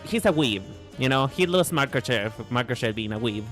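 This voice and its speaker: A man's voice: mid-range voice, lively intonation, brisk, hardly any pauses, a bit bright, faint music behind. A man chatting casually to his viewers while livestreaming a game, playful and teasing, often repeating and restarting his words. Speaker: VTuber streamer.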